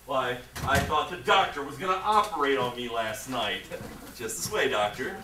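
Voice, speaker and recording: A man's voice: mid-range voice, animated, moderate pace, sharp tone, slight background noise. A young man on stage playing a flustered, coaxing nephew, heard from a far mic in an echoey hall. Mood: nervous, coaxing. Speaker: stage actor. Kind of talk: amateur stage play.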